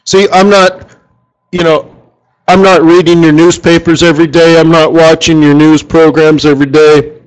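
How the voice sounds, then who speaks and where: A slightly high-voiced man leads a live trading seminar for a room of listeners. He jokes easily and keeps throwing rhetorical questions at the crowd in an animated, conversational way. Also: moderate pace, clear, resonant tone, poor audio. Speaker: forex market strategist hosting a session.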